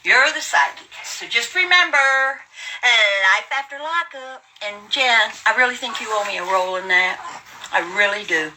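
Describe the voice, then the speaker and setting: A woman in her seventies hosts a livestream, ranting at viewers in a brash, taunting, profane way. Her voice sits on the high side, bright and forceful, with lively intonation at a moderate pace. The recording is rough, with a little hiss or hum.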